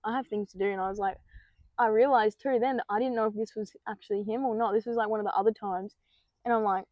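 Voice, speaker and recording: A woman's voice: mid-range voice, fairly even intonation, quick pace, no echo, muffled recording. A young woman hosting a podcast, telling a personal story in casual monologue, swearing freely and acting out her own panicked thoughts. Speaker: podcast host.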